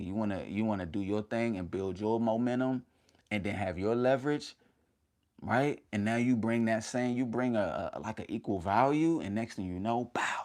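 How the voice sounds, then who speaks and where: A man with a fairly low voice hosts a casual motivational livestream. He is energetic and slangy, calls his viewers fam and talks in short punchy bursts. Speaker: motivational YouTuber hosting a livestream.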